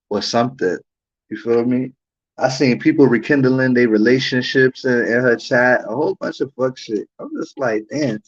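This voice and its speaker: Man ranting on a lo-fi livestream. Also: medium pitch. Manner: profane, heated ranting with repeated rhetorical questions. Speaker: livestream host. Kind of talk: livestream commentary rant. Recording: dull lo-fi stream audio.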